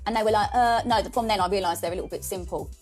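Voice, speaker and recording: Fast-talking woman. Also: mid-range voice, soft background music. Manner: chatty, animated, quotes people in lively voices. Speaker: podcast guest, mother. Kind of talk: candid storytelling conversation.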